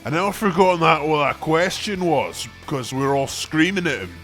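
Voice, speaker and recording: A man voicing a young metalhead who excitedly rambles through his recollections. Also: on the high side, normal speed, faint music behind. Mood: reminiscing. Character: young male Perth metalhead local.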